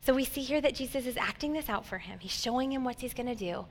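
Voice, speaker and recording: A woman in her thirties giving a heartfelt, conversational sermon, swinging from loud emphasis to soft near-whispers. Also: on the high side, expressive, fast. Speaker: pastor. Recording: long hall reverb.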